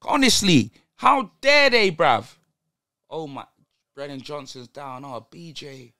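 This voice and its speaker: An excitable young man reacting live to a football match, peppering every line with street slang. His voice sits high and swings widely in pitch. The tone is bright and dry. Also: slow pace, dry recording. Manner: excitable, slang-heavy banter. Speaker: football fan channel host.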